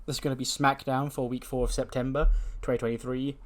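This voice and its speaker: A man's voice: mid-range voice, little pitch movement, quick pace. A man hosting a wrestling sim playthrough, narrating casually with many fillers as he imagines the scene.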